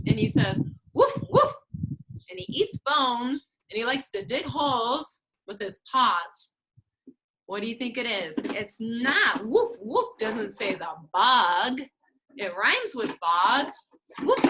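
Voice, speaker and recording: Woman speech therapist, high and slow, exaggerated sing-song delivery for toddlers. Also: background noise. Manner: exaggerated, drawn-out words, playful animal sounds. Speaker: speech-language pathologist teaching preschoolers. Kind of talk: slow, sing-song teaching to young children.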